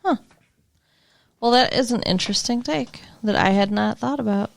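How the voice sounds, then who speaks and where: A woman co-hosting a podcast, chatty and thinking out loud in a casual movie review chat, swearing now and then. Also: on the high side, moderate pace, creaky. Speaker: podcast co-host.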